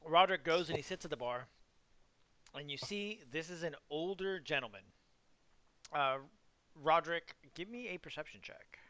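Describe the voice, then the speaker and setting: A man's voice: a little high, normal speed, pauses often, pushed and bright. A young man running an online tabletop game as game master, describing the scene in a casual, filler-heavy way. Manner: casual, loose, many fillers.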